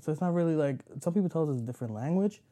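Man, mellow warm tone, reflective, quick to laugh, casual conversation. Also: on the high side, lively intonation. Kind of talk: casual chat.

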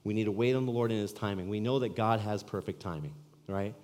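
A man's voice: lowish voice, fast, darkish tone. A male pastor from California preaching a sermon in an earnest, conversational storytelling way, in a church sanctuary. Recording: long reverb of a church hall.

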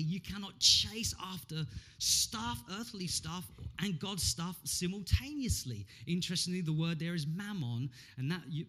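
A man in his thirties preaching a lively, humorous sermon, acting out voices and jokes as he goes. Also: fairly high pitch. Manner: animated, humorous, acts out quotes. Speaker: pastor.

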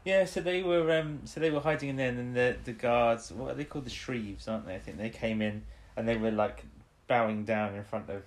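A man's voice: medium pitch, brisk, few pauses. A man co-hosting a show, recapping an episode in casual chat, rambling with restarts and tag questions. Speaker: podcast co-host.

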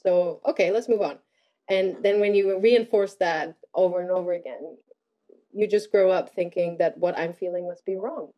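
A woman's voice: lowish voice, fairly even intonation, normal speed, lo-fi sound. A woman in casual conversation, speaking in a thoughtful, earnest way. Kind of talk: casual chat.

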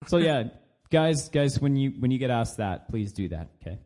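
A man's voice: medium pitch, big pitch swings, normal speed, mellow. An American man co-hosting a casual podcast chat, joking and laughing often. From United States. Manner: jokey, puts on silly voices and laughs often. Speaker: podcast co-host.

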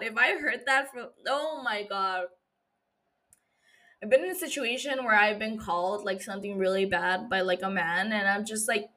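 A woman hosting a recap podcast, her voice bright and forward. She talks casually and animatedly, dropping swears and big reactions as she retells the story. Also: mid-range voice, moderate pace. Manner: animated, profane, gushing reactions. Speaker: podcast host recapping a TV episode.

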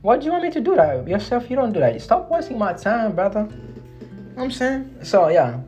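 A woman's voice: mid-range voice, very animated, moderate pace, dark tone, faint music behind. Blunt, profane woman ranting. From Congo. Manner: lecturing, repetitive. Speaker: podcast host. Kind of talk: solo podcast rant.

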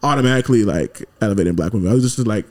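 A man, a musician, talking casually on a podcast about making his songs, relaxed and rambling with many fillers. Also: on the low side, very fast. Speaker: musician guest.

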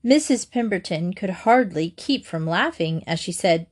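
A woman's voice: lowish voice, lively intonation, normal speed, few pauses. Woman reading a children's storybook. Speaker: narrator. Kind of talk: storybook read-aloud.

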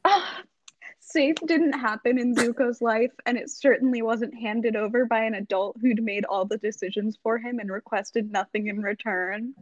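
A young woman co-hosting a casual book-club podcast, teasing her friends and reading passages aloud briskly. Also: a little high, steady tone, dry recording, dull audio. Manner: playful, reads quoted passages aloud briskly. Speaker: podcast co-host.

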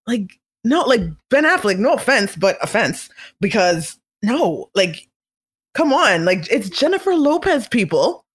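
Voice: mid-range voice, big pitch swings, unhurried, husky. A vlogger in a casual, chatty monologue, opinionated and playful, now and then slipping into comic voices. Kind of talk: casual celebrity gossip monologue.

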